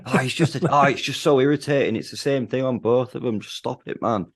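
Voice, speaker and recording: A man's voice: medium pitch, brisk. A man co-hosting a casual wrestling chat, blunt and grumbling, with swearing. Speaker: podcast co-host.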